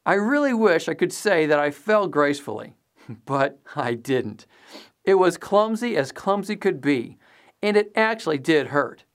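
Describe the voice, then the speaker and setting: A speaker tells a personal story in relaxed, scripted narration with a lively, varied intonation. The voice sits at a middle pitch. The story leads into the introduction of a sermon. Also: measured pace.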